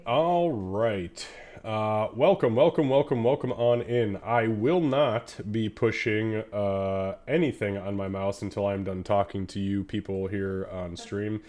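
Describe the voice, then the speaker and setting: A man with a lowish, nasal voice, stuffed up from a cold, hosts a live tabletop game. He rambles casually with fillers and the odd swear, then reads a session recap. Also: unhurried, a little mellow. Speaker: game master. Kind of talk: casual live-stream chat.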